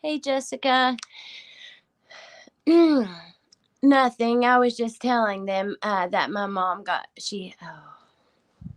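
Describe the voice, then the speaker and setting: A woman's voice: on the high side, fairly even intonation, slow pace, pauses often. Woman on a casual live stream, holding back tears, whispery at times, thanking the chat by name. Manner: emotional, thanking viewers by name, voice dropping to whispers. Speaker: livestream host.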